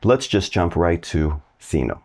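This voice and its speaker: Low-voiced casual male language teacher. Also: very animated, unhurried, a little mellow. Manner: friendly, chatty, asks viewers to try translating. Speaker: Spanish teacher. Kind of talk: casual online language lesson.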